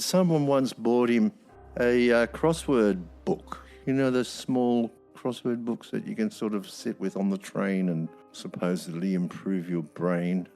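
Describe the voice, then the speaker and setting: A man's voice: on the low side, measured pace, a little mellow, soft background music. A man, a former prison officer telling stories bluntly, swearing freely, with wry humor. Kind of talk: anecdotal storytelling.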